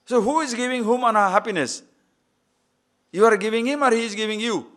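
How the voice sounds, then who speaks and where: A man's voice: extremely high pitch, fairly quick, fairly bright tone. A man giving a spiritual discourse as a swami, asking rhetorical questions and acting out quoted voices. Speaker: swami teaching scripture.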